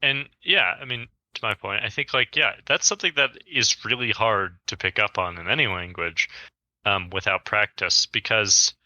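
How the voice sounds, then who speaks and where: Guy co-hosting a chat show, lowish voice, really bright and sharp, dry close sound. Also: normal speed, dry recording, highs cut off. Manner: explains with spoken examples, animated pitch jumps. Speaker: podcast co-host. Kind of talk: casual conversation.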